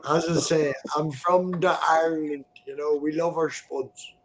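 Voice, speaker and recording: A man's voice: a little high, steady tone, measured pace, crowd noise. A man joining a casual online voice chat, friendly and joking.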